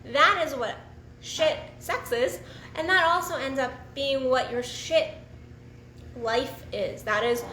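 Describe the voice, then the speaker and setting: High bright-voiced woman coach. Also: roomy sound, slight background noise. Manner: frank and profane, animated, restarts often. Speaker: sex and relationship coach. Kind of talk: casual solo talk to camera.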